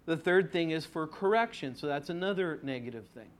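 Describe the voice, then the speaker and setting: A man's voice: on the high side, lively intonation, brisk. A man preaching an expository sermon in a conversational way, asking his congregation rhetorical questions and stretching out key words for emphasis. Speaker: pastor.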